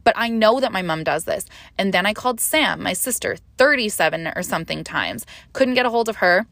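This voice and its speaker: A woman's voice: medium pitch, animated, fairly quick, creaky, a bit bright, no echo. A young woman talks straight into the mic in a confessional podcast monologue. She is candid and rambling, swearing freely and leaning on fillers, and her voice climbs sharply when a memory of panic takes over. The sound is dry and close, with a mid-range voice. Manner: emotional, rising sharply when reliving panic. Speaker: podcast host.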